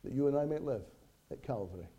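A man preaching a sermon, his voice very dark and mellow at an ordinary pitch. He speaks earnestly, pausing for effect and letting his volume rise and fall sharply. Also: expressive, husky, lo-fi sound. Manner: earnest, with dramatic pauses and sudden swells and drops in volume.

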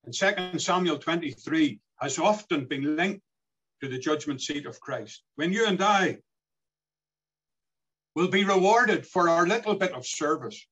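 A man delivers an earnest sermon. His voice is fairly high and bright, with a husky edge. It rises and sinks as he works through scripture. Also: highs cut off. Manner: earnest, swelling and dropping as he quotes scripture. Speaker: preacher.

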